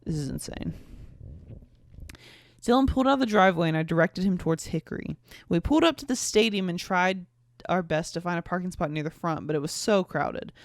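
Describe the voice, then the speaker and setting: A woman's voice: fairly low pitch, fast talker, no echo, clean studio sound. A tipsy young woman from North Carolina, hosting a podcast and reading her teen fanfic aloud with giggly, self-mocking asides. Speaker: podcast host.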